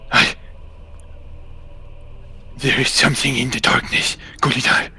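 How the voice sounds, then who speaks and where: A man playing a troubled orc warrior in a tabletop game, speaking in a gravelly, halting way. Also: medium pitch, level tone, pushed and bright, exaggerated voice. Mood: anxious. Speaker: player.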